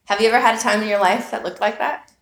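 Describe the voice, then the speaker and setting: A woman's voice: mid-range voice, fairly even intonation, fast, fairly bright tone. A woman preaching a sermon, telling a personal story with earnest, reflective rhetorical questions. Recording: echoey room.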